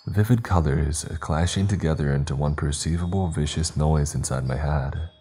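A man narrating a horror story in a measured storytelling manner. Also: rumbling low, mellow. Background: faint music.

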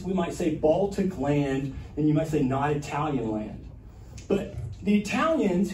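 A man giving a conversational history talk to a library audience, with animated asides. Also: fairly high pitch. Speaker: history lecturer. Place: library meeting room. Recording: echoey room, from a distance, faint room noise.

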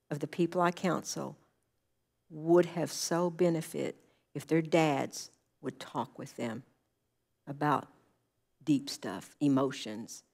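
Earnest woman counselor, lowish voice. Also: a little mellow. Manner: earnest, anecdotal, acts out quoted dialogue. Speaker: counselor speaking at church. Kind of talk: conversational sermon talk.

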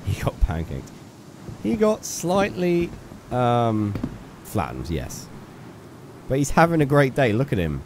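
A young game streamer chats playfully with viewers during live gameplay and scolds an in-game character. His mid-range voice swoops wildly in pitch at a slow pace, with background noise present.

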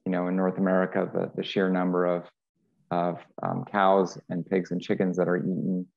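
A man who teaches geography, talking in a halting way with many fillers and repeated words on a panel. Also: deep voice, monotone, creaky, phone-quality sound.

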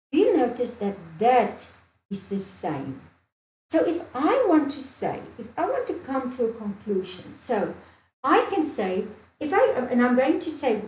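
This slightly high, warm-toned voice belongs to a woman from Namibia giving a maths lesson. She reasons out loud, repeats each step, and keeps checking in with "do you see?" while an echoey room adds faint ambience.

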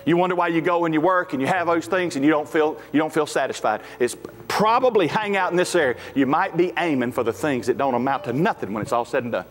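A man, preaching a sermon as pastor in a folksy, emphatic way. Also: mid-range voice. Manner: folksy, emphatic, rising to shouts at climaxes. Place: church sanctuary. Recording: echoey hall with faint music.

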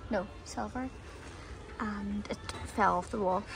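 A woman's voice: mid-range voice, steady tone, a little slow, gravelly, over music. A woman vlogging to her viewers in casual, rambling chat, correcting herself as she goes. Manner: chatty, rambling, corrects herself mid-sentence. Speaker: family vlogger.

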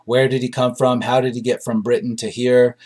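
A man's voice: medium pitch, flat delivery, brisk, darkish tone, breathy edge. A man hosting a movie review show. He reads out audience reviews and reacts in casual, blunt commentary full of ums and uhs.

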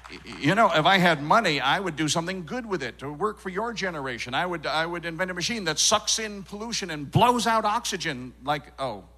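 A man performs live stand-up on a theater stage. His voice sits high and sounds bright and forceful. He keeps things animated and slips in and out of put-on accents and characters. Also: fairly quick, hardly any pauses, breathy edge. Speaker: stand-up comedian.

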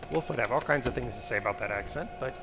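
A man's voice: medium pitch, fast talker, loud music behind the voice. A man casually chatting to his viewers while playing a game live, rambling and muttering to himself. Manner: rambling, talks to himself, mutters part numbers. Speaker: streamer. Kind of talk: casual live-stream chat while gaming.

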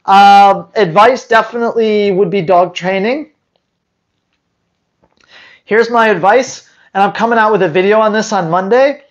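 A man's voice: high-pitched, a little slow, pauses often, lo-fi sound. A man who hosts a dog training channel, answering viewer questions live in a blunt, teasing way full of rhetorical questions.

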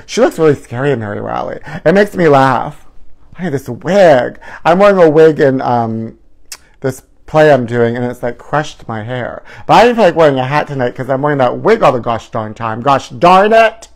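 A man's voice: medium pitch, animated, normal speed, creaky, a little mellow. A man hosting a live celebrity gossip stream. He talks in a campy, theatrical way, calls viewers honey and trashy, and swoops up into mock outrage.

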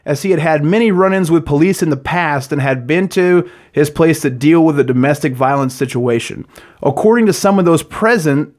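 Joking New podcast host. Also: male voice, on the high side. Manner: joking, irreverent, laughs often. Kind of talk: casual podcast chat, reading case notes.

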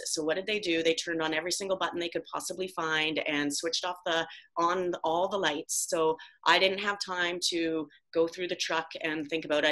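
A woman's voice: fairly low pitch, sharp tone. A young woman telling a personal story, acting out her own exclamations with animation. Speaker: guest speaker. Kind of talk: personal anecdote.

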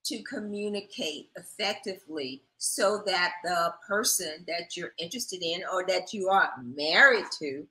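This is a middle-aged woman co-hosting a relationship talk show, measured and reflective, guiding the talk with questions. Her voice sits fairly low yet sounds bright and clear-edged. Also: low-quality recording. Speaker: co-host.

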